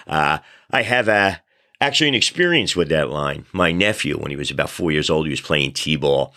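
A man hosts a casual talk podcast, chatting loosely and poking fun at himself. His voice is deep and forceful. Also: expressive, normal speed. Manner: chatty, loose, self-deprecating storyteller. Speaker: podcast host. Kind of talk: casual talk show monologue.

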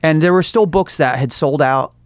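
A man's voice: a little high, normal speed, dry recording, studio quality. A young man, a store owner, chatting casually in an interview, acting out what others said and laughing often. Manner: chatty storyteller, acts out quotes, laughs often. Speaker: comic book store owner.

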